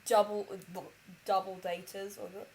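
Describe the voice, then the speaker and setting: A woman's voice: medium pitch, unhurried, creaky, rough recording. Brief: young woman, casual sweary podcast chat, lots of impressions. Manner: swearing storyteller, animated impressions, many likes. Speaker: podcast co-host.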